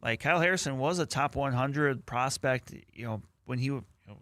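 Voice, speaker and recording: A man co-hosting a sports radio show, giving measured, analytical takes with many "like" and "you know". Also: medium pitch, fairly bright tone, dry recording. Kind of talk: casual sports talk. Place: radio studio.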